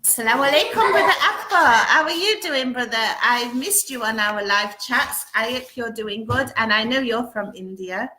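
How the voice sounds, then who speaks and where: A woman's voice: on the high side, moderate pace, few pauses, pushed and bright. A woman hosting a casual live-stream chat from home, greeting viewers one by one and reading out their comments. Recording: roomy echo.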